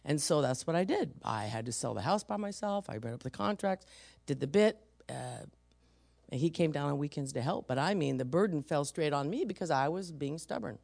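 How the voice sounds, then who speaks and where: A middle-aged woman preacher from San Francisco delivers her sermon through personal stories, her voice a touch low and gravelly. She lets her pitch rise and fall widely and punches the voices of the people she quotes. The sound is close and dry, with no room around it. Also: expressive, fairly quick, darkish tone, no echo. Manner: storytelling, acts out quoted voices, emphatic.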